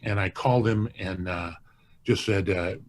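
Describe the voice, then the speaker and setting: This low-pitched man speaks at normal speed, with a little hiss or hum on the recording. As a museum's hall of fame president being interviewed casually, he tells stories earnestly, rambling and starting his phrases over often.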